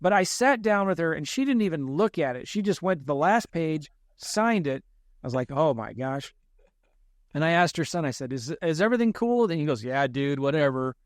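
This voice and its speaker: A man's voice: on the high side, animated, moderate pace, dry recording, studio quality. A man, a real estate investor, telling a story in a podcast interview, self-deprecating and acting out the lines he quotes.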